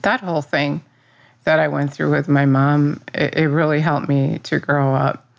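A woman's voice: deep voice, fairly even intonation, a little slow, vocal fry. A middle-aged woman who teaches Bible study, sharing a personal faith testimony in an earnest, rambling way. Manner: earnest, rambling, with restarts and fillers.

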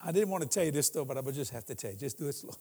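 An older man, a guest preacher, telling a humorous story in a sermon, chuckling and breaking into shouts. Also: mid-range voice, racing, slight background noise. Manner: animated, chuckling, bursts into shouts. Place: church sanctuary. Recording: reverberant church hall.

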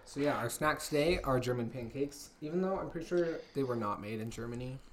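A woman's voice: a bass voice, fairly quick, slight background noise. A young woman co-hosting a casual podcast, teasing her friends and laughing often, sometimes talking with her mouth full. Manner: giggly, teasing, talks while eating. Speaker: podcast co-host. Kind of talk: casual chat.

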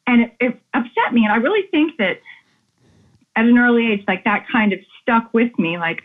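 A woman's voice: on the high side, expressive, normal speed. A woman guest in an interview, telling stories with enthusiasm and animation. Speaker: guest artist. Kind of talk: casual interview chat. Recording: tinny phone-like call audio.

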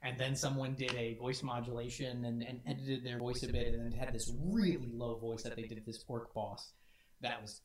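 A man's voice: medium pitch, fairly even intonation, normal speed. A man co-hosting a community stream, talking casually and enthusiastically with many restarts. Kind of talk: casual chat. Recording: echoey room.

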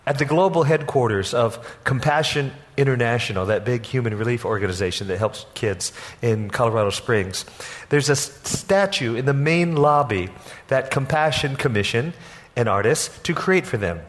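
A senior pastor preaching a sermon in church, telling the story with lively acted-out voices. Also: male voice, mid-range voice, normal speed. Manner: animated storytelling, acts out quoted voices. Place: church sanctuary.

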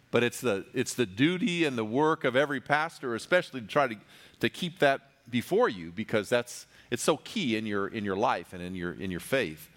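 A man's voice: mid-range voice, a bit bright. A man preaching a sermon as pastor, talking in a loose, conversational way with jokes and frequent restarts. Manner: conversational, joking, many restarts.

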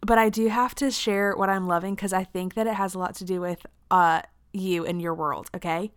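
A young adult woman hosting a podcast, chatting casually, bubbly and quick to laugh, with lots of "like". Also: mid-range voice, fairly even intonation, clear, resonant tone, no echo, clean studio sound. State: pregnant. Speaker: podcast host. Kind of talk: casual chat.

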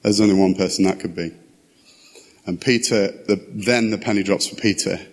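A man's voice: lowish voice, fairly even intonation, normal speed. A man preaching a casual sermon, reading scripture and then explaining it in a chatty, conversational way with asides. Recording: long hall reverb.

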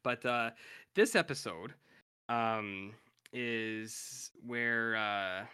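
A man's voice: medium pitch, drawn-out words, pushed and bright, smooth. Chatty man rambling through a recap. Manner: rambling, filler-heavy, quotes characters in loose paraphrase. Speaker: podcast co-host. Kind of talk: casual recap chat.

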